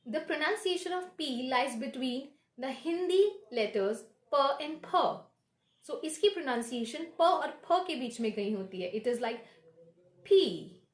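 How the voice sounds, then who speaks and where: Woman, teaching pronunciation, fairly high voice, echoey room. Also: lively intonation. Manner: slow, deliberate, modeling sounds. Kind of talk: pronunciation lesson.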